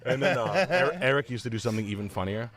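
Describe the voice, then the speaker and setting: A man's voice: medium pitch, animated, quick pace, over a noisy crowd. A man hosting a show, telling a profane, rambling story in casual chat. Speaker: podcast host.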